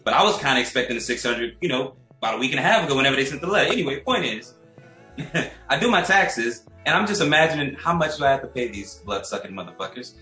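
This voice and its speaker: A man co-hosting a podcast, telling a profane story in a casual, animated way and laughing as he goes. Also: medium pitch, fast, reverberant, soft background music, rough recording. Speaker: podcast co-host.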